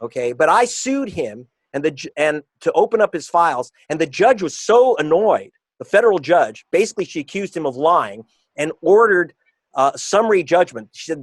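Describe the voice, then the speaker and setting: A man being interviewed as an author and reporter, talking in an emphatic, combative way and slowing down to stress his points. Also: on the high side, sing-song, no room sound. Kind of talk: interview guest.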